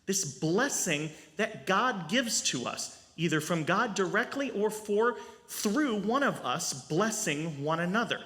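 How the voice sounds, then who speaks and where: A male rabbi giving a storytelling sermon at a family service, animated and asking the audience questions. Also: high voice, a little slow. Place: synagogue sanctuary. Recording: long reverb in a large hall.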